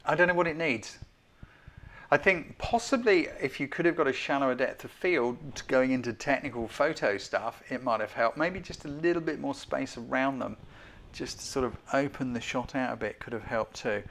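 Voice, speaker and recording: Chatty male host judging photos on a live stream, self-deprecating, mid-pitched, keeps asking the audience. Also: moderate pace, fairly bright tone. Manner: self-deprecating, hedging critic. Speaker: host giving photo feedback.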